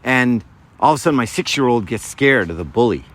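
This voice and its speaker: A man's voice: medium pitch, expressive, fairly quick. A man in his fifties giving a conversational faith talk to young people, often checking in with "right?" and acting out little scenes. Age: 50s. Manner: informal, keeps checking in with "right?"; acts out little scenes with changed voices.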